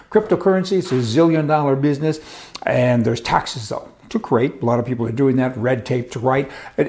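A man's voice: medium pitch, creaky, a little mellow. An older man delivering a sarcastic opinion monologue, ranting and chuckling as he talks. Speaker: commentary host.

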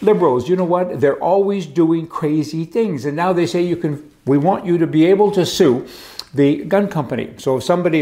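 A man's voice: on the high side, dark tone. A man hosting a talk monologue, telling stories casually and adding sarcastic asides. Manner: chatty storytelling, sarcastic asides. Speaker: talk show host. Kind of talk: casual political commentary monologue.

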